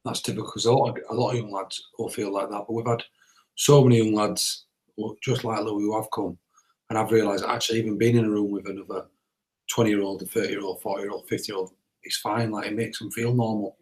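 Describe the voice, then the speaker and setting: A man's voice: fairly low pitch, little pitch movement, brisk, low-quality recording. A man hosting a podcast, talking in an emphatic, persuasive way. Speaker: podcast host. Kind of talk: conversational podcast talk.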